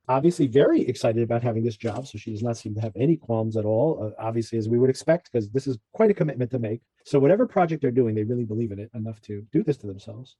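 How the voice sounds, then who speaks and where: A man's voice: medium pitch, mellow, slightly rough, dry recording, rough recording. A man hosting a podcast, chatting casually through a rambling episode recap with many fillers. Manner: rambling, with frequent fillers and laughs. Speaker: podcast host.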